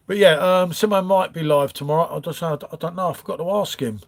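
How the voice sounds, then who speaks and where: A man's voice: fairly high pitch, fast talker, creaky, few pauses. Chatty man on a livestream. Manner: chatty, rambling, calls viewers mate. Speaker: livestream host. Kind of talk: casual live chat reading comments. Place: home front room.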